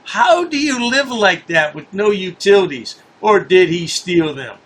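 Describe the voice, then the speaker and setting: A man's voice: sits high, big pitch swings, a little slow, a bit bright. A man hosting a commentary channel, mocking a news story in a sarcastic, scornful way and repeating his points for effect.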